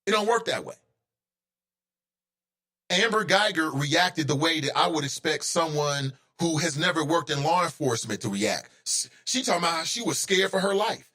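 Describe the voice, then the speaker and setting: Male talk host, higher-pitched voice, heated solo ranting commentary. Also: expressive, normal speed, sharp tone. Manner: heated, ranting, rising to indignant outbursts.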